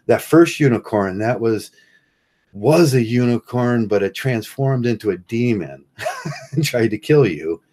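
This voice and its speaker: A man's voice: mid-range voice, animated, unhurried, darkish tone, a little hiss or hum. A man ranting in a casual monologue vlog, sarcastic and rambling, often breaking into chuckles and restarting his sentences. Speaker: vlogger.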